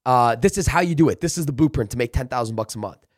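A man's voice: mid-range voice, lively intonation, fast, dry recording, clean studio sound. A man talking as a sales trainer in a casual podcast interview, emphatic and coaching, acting out pep talks. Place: office.

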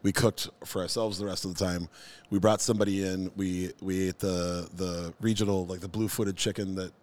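Forties guy with a deep voice, chill storytelling in casual chat. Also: normal speed. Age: 40s. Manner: reminiscing, relaxed storytelling.

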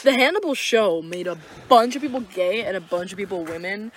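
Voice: medium pitch, fairly quick, a little hiss or hum. A young adult podcast co-host telling stories in casual, sarcastic chat. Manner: sarcastic, animated storytelling.

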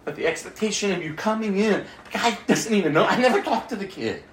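A man delivering a sermon as a pastor, telling an emotional personal story and often dropping his voice to a hushed near-whisper. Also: sits high, animated, fast talker, roomy sound, a little hiss or hum.

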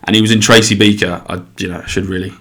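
Rambling young Englishman with a low voice. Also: fairly even intonation, fast, a bit bright. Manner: chatty, blunt, swears, frequent restarts and fillers. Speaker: solo podcast host. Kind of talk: casual rambling monologue.

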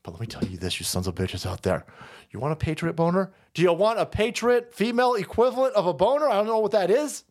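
A man rants through political commentary in a high, very animated voice that swoops up and down. He curses freely, laughs often and pushes his lines hard, like a host riffing alone on his show. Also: fast talker. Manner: loud, profane, laughs often, swings pitch wildly. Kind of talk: profane ranting commentary.

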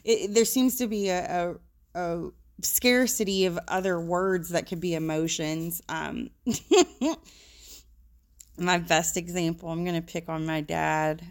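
A woman's voice: on the low side, slow. A woman working as a social worker, talking frankly and casually about emotions, with the odd swear word.

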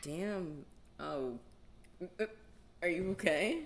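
A woman's voice: sits low, expressive, very slow. A woman co-hosting a podcast in casual chat, laughing often, slangy and loose with casual swearing. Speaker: podcast co-host. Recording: noisy background.

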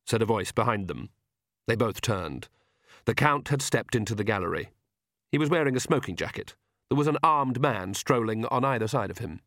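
A man narrating a comic fantasy audiobook in a measured, expressive reading style. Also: medium pitch, no echo, clean studio sound.

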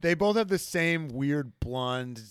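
Dude cohosting a podcast, swears a lot, jokey, pitch jumps all over, dry close sound. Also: male voice, expressive, slow, a bit bright, smooth, no echo. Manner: profane, joking, stumbling restarts. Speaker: podcast co-host. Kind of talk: casual chat.

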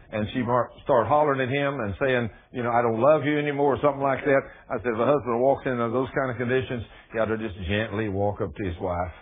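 A male preacher, giving a folksy sermon that builds into loud, emphatic preaching. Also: mid-range voice, breathy edge. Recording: muffled phone-like radio broadcast.

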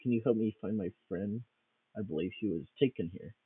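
A man's voice: fairly low pitch, brisk, husky. A man voicing a worried young miner who speaks earnestly and urgently about finding his friend, on a tinny phone-like recording.

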